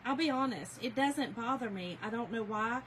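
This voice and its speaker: A woman's voice: fairly high pitch, normal speed, fairly bright tone, slight background noise, poor audio. Chatty Southern woman livestreaming crafts. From Georgia, US South. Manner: chatty, folksy, laughs often, talks straight to viewers. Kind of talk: casual livestream chat.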